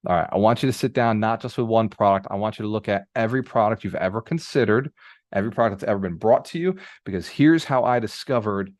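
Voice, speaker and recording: A man's voice: fairly low pitch, fast talker, no echo, studio quality. A man mentoring a group on a live coaching call, telling stories casually and prompting the audience with repeated phrases. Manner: conversational storyteller, animated, casual swearing. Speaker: business mentor. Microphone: video call microphone.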